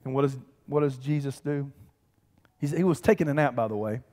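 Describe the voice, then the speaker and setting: A man, preaching a lively, conversational sermon with humor and calls to the congregation. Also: medium pitch, a little fast. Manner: animated, conversational preaching with humor and audience call-outs. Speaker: pastor. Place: church sanctuary. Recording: church hall reverb.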